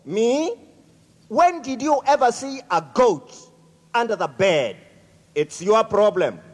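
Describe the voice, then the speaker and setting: A man's voice: sits high, sing-song, takes it slowly, long reverb tail, heavily acted. A man voicing a blunt he-goat who refuses to help, in a told folk tale. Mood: dismissive. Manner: curt, brushing off. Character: blunt unhelpful male he-goat.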